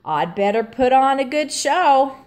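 A woman's voice: high-pitched, lively intonation, a little slow, a little mellow, voice pushed up. A woman voicing an eager, cheerful young boy in a storybook read-aloud.

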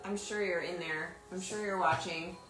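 A woman's voice: on the low side, steady tone, normal speed, a bit bright. A woman signing autographs on a livestream, chatting casually with teasing asides. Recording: roomy echo with faint music.

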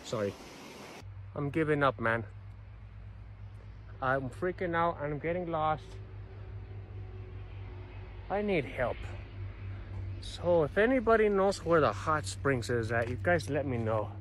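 A man's voice: on the high side, lively intonation, takes it slowly, pauses often, slight background noise. A man rambling to his viewers while he wanders outdoor trails, swearing freely and talking straight to the camera. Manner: chatty, swears a lot, talks to viewers as "you guys". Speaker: vlogger.

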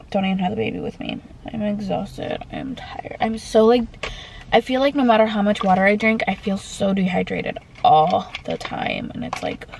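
A young woman chatting to her phone camera in a loose, rambling vlog style, short of breath as she talks. Her voice has a gravelly, fried edge, and a faint hiss sits under the recording. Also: mid-range voice, poor audio. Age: young adult. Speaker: vlogger. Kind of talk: casual vlog chat.

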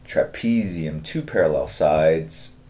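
A middle-aged man hosting a live drawing stream, giving relaxed, rambling step-by-step instructions and thanking viewers in the chat. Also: rumbling low, takes it slowly. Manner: relaxed, rambling instructions with fillers and chat-reader shout-outs. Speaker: artist hosting a draw-along stream.

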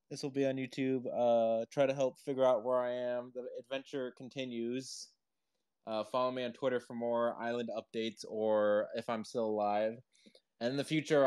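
A man's voice: mid-range voice, darkish tone, clear, resonant tone. A man chatting casually on a live audio stream, rambling with lots of "like" and "uh" and laughing often, through a headphone built-in mic. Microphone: headphone built-in microphone.

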